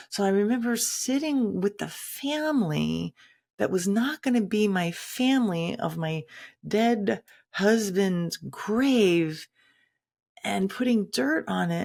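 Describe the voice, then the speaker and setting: A woman's voice: mid-range voice, unhurried, creaky, a little mellow. A woman telling a personal story in a candid, conversational way, acting out quoted lines dramatically. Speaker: shaman and teacher.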